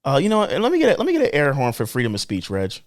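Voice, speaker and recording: A young man co-hosting a podcast, talking in an emphatic, animated way that swings between low drawn-out remarks and excited bursts. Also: noisy background. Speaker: podcast co-host. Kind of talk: casual podcast commentary.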